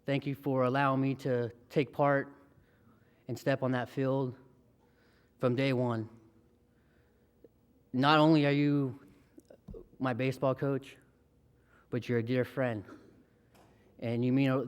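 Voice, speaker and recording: A man's voice: mid-range voice, steady tone, measured pace, pauses often, smooth, highs cut off. A man in his thirties giving a heartfelt, emotional acceptance speech as a hall of fame inductee.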